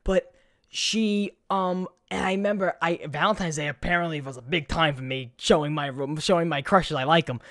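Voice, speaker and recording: A young man hosting a podcast, telling stories in an animated, foul-mouthed way. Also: on the high side, normal speed, no echo, studio quality. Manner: animated storytelling, swears a lot. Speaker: podcast host. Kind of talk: casual podcast chat.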